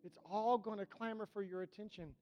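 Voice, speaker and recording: High-voiced preacher with a drawl. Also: male voice, fairly even intonation, fairly quick, lo-fi sound, faint music behind. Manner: impassioned preaching with rising, shouted repetitions and sudden hushed drops. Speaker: pastor. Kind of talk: sermon.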